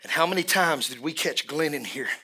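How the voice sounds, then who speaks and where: A middle-aged male pastor with a high, bright voice preaches in a church. He drops low and quiet for confiding asides, then builds to loud, shouted climaxes. His delivery swings hard between intimate and thunderous. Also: lively intonation, moderate pace. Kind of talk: sermon. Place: church service in a room.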